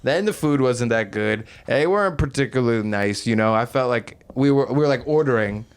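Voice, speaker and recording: A man's voice: medium pitch, expressive, a little fast, clean tone. A young man co-hosting a podcast, telling a long story in a rambling, casual way with lots of fillers and swearing. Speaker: podcast co-host. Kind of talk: casual chat.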